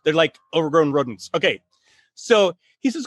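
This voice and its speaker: A middle-aged man hosting a casual chat on writing, telling stories in an animated way with laughs and many restarts. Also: fairly high pitch, fairly quick, no room sound, studio quality. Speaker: podcast host, writing coach.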